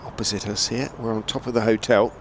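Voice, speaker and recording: A man giving relaxed ball-by-ball cricket commentary from a rooftop commentary position, rising with excitement on the big shots. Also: fairly low pitch, background noise. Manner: measured, chatty, lifts to excited calls on big shots. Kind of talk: radio-style ball-by-ball commentary. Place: commentary position on a stadium hotel roof.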